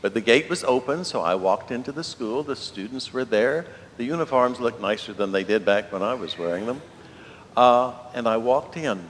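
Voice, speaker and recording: A man's voice: lively intonation, moderate pace. A man, a priest giving a homily in an easygoing, storytelling way with rhetorical questions. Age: 70s. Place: large church. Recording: long church reverb, faint rumble.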